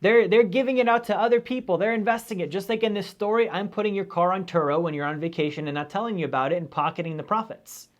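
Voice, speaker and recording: A man with a fairly high voice gives a live-streamed lecture on personal finance. He is energetic and conversational, and he keeps checking in with "right?" as he explains. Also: quick pace, hardly any pauses, lo-fi sound. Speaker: finance educator.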